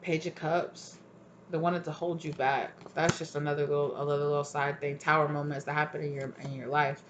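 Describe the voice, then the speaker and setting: A woman tarot reader talks through a reading in a loose, chatty way, sounding tired. Her voice sits on the low side, with faint noise in the background. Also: flat delivery, a little fast, highs cut off. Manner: casual, chatty, repeats "right?". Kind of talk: casual spoken tarot reading.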